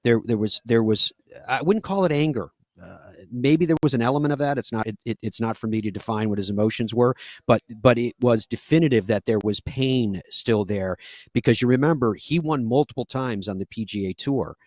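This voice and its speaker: A man's voice: medium pitch, brisk, a little mellow, no room sound. A man hosting a live golf talk show, telling stories in an earnest, conversational way with frequent fillers.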